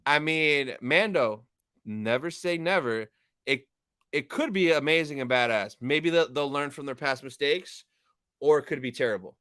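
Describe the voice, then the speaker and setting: A man's voice: on the high side, moderate pace, bright, forceful tone, smooth, no echo, studio quality. A young man hosting a live stream, casually chatting with viewers, reading chat aloud and thanking them.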